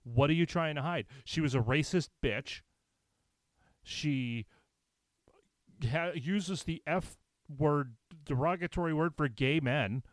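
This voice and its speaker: A man's voice: fairly high pitch, slow, long pauses, no echo. A man vlogging, reading aloud and commenting in a blunt, profane, indignant way with sarcastic asides.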